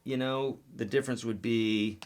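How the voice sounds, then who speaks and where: A man's voice: mid-range voice, fairly even intonation, moderate pace. A man teaching guitar on a live webcast, reading viewer questions and answering in a casual, direct way that keeps checking in with "okay?".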